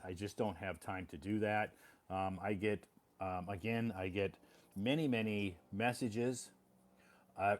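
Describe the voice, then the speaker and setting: Man, low voice, plain repetitive talk for English learners, apologetic. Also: darkish tone. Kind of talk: casual spoken monologue for English learners.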